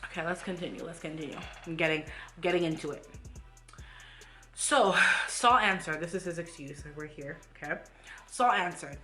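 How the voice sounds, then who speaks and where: A woman's voice: on the low side, normal speed, bright, forceful tone, faint music behind. A woman leading a Bible read-along, reading aloud and adding emphatic commentary full of rhetorical questions. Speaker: Bible study vlogger.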